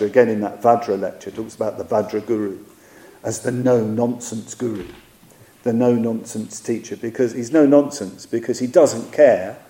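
A man giving a dharma talk, reflective and measured, often pausing on fillers while he searches for words. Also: mid-range voice, dark tone. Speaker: Buddhist teacher. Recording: echoey hall.

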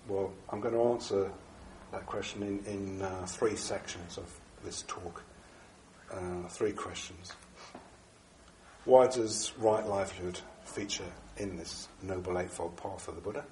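Deep-voiced man with a stuffy cold. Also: a little mellow, a little hiss or hum. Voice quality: bunged up, nasal. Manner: halting, with many fillers and restarts. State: congested from a cold. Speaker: Buddhist teacher giving a talk. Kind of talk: dharma talk to a group. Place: echoey room with a small audience. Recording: echoey room recording.

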